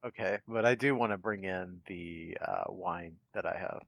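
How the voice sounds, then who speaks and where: Low gravelly male player. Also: normal speed, fairly bright tone, no echo. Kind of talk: casual tabletop play.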